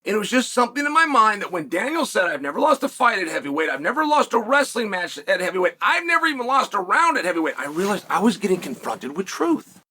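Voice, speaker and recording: A man hosting his own show, delivering solo commentary in an emphatic storytelling manner with dramatic pauses. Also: sits high, big pitch swings, sharp tone, husky. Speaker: show host.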